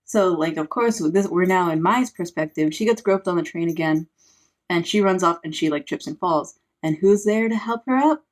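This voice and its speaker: A woman's voice: fairly low pitch, moderate pace. Woman, sarcastic, casual book recap, lots of filler words. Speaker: book reviewer; parent.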